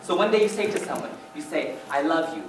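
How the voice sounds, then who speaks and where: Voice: medium pitch, lively intonation, quick pace, natural voice. A student playing a wry, rambling theater fan. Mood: rueful. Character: wistful middle-aged male theater fan narrating. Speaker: student actor. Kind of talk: stage musical acting. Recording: echoey auditorium, distant mic, noisy.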